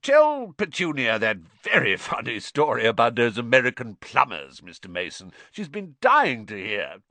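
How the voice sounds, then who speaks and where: A man's voice: mid-range voice, huge pitch swings, normal speed, bright, forceful tone, no echo, exaggerated voice. A man voicing a pompous, bad-tempered middle-aged uncle who blusters and snarls, in an audiobook. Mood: jovial bluster. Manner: blustering, snarls through gritted teeth. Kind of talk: audiobook character voice.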